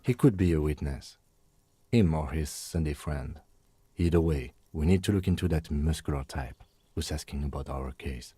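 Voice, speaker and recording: An actor voicing a calm, pragmatic male police lieutenant in a game, speaking in a measured way. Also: very deep voice, breathy edge, no room sound. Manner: measured, matter-of-fact. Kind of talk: scripted game dialogue.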